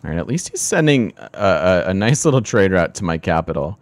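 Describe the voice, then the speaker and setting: A low-pitched man streams a strategy game and comments casually on every move. He thinks aloud and pokes fun at himself. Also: sing-song, fairly quick. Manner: chatty, thinking aloud, self-deprecating. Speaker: let's play streamer.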